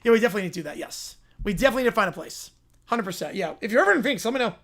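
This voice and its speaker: A man's voice: sits high, expressive, very fast, a bit bright. Playful man hosting a sports livestream. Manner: laughing, playful. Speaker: livestream host. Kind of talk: live sports reaction and skit reading.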